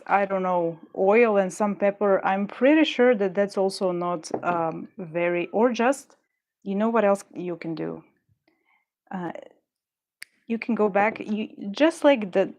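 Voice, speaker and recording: While crafting jewelry at her desk, a woman rambles to her viewers, wandering off topic and soothing herself through moments of frustration. Her voice is medium-pitched and a little mellow.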